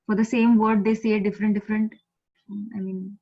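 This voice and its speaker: Indian woman, patient teacher, mid pitch, repeats each word slowly, video call audio a bit dull. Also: level tone. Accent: Indian English. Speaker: Japanese language teacher. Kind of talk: online language lesson.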